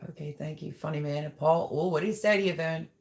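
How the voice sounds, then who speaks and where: On her own livestream, a woman with a slightly low voice chats at a quick pace, reading viewer comments aloud and gushing warmly to the audience. The delivery is loose and conversational.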